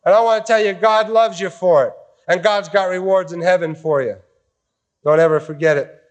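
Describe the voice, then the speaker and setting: A man preaching a sermon to a congregation in a tent, folksy and animated, acting out quotes as he goes. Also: high-pitched, normal speed. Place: tent meeting.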